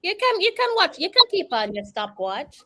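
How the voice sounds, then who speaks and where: A woman's voice: extremely high pitch, very animated, normal speed, a bit bright. A woman with a British accent hosting a casual chat, laughing often and slipping into patois. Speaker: host.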